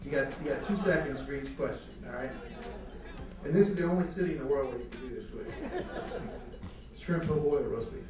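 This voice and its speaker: A man interviewing a guest, asking quick playful quiz questions with stammering repeats. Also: medium pitch, distant mic, a crowd in the background. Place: film festival event. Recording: echoey, off-mic, music behind.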